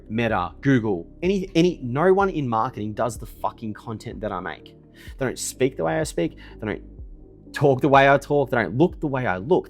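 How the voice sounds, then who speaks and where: A man, boasting and swearing in a casual monologue to camera from his desk, ending points with a pushy "okay?". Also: mid-range voice. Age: 20s. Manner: boastful and profane, keeps tagging "okay?". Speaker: email marketing business owner. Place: indoors at his desk in a villa.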